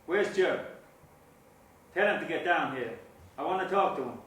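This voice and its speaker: A man's voice: on the high side, animated, moderate pace, a bit bright. A man playing a menacing New gangster. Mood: demanding. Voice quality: crude and intimidating. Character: menacing, foul-mouthed neighborhood gangster man. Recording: echoey room, mic at a distance.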